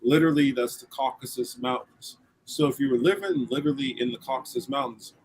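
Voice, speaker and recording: Male livestream host, rambling offhand delivery, blunt, mid-pitched voice. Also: low-quality recording. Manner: rambling, blunt, swears casually. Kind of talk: casual livestream talk.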